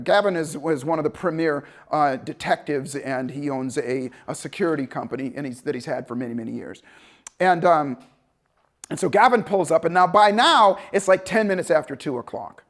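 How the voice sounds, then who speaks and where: A man telling a story as a motivational speaker, animated and conversational. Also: a little high, a little fast. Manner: animated, conversational, acts out voices. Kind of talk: storytelling talk to an audience.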